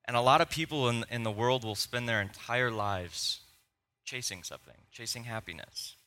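Bright-voiced young man preaching. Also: medium pitch, moderate pace. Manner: storytelling, animated and conversational, with laughs. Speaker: pastor. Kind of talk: sermon with personal stories.

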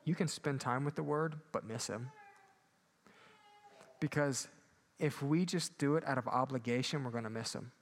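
A man preaching a sermon, moving between loud emphatic peaks and quiet low asides. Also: normal speed, pauses often. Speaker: pastor.

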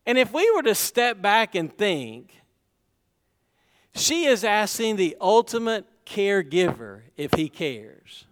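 A man's voice: high voice, sing-song, slow, long reverb tail. A middle-aged man preaching a sermon, talking conversationally and asking the congregation rhetorical questions. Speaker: pastor.

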